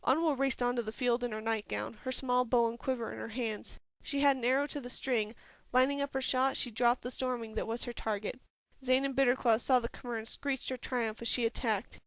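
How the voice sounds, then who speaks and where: A woman reading a fantasy novel aloud as a steady, even storyteller from a home recording. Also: on the high side, fairly quick, dry recording. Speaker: audiobook reader. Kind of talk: scripted fantasy novel narration.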